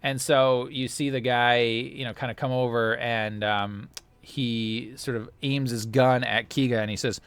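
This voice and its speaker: A man's voice: mid-range voice, fairly even intonation, fairly bright tone, smooth. A man running a tabletop role-playing game as game master, narrating with many fillers and restarts. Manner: halting, full of fillers and restarts.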